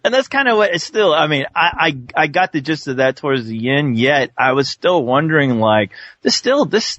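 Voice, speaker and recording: A man's voice: on the high side, big pitch swings, moderate pace, fairly bright tone, dry recording. A man co-hosting a movie review podcast, talking casually and animatedly while searching for words. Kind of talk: casual chat. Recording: slightly dull lo-fi sound.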